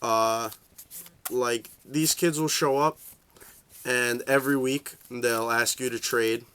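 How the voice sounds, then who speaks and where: A man's voice: fairly even intonation, slow pace, pushed and bright, smooth. A young man giving a casual, rambling rant about trading cards, swearing a lot and filling gaps with "like" and "uh". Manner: profane, rambling, full of fillers; shifts into high voices for quoted reactions. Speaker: card game vlogger.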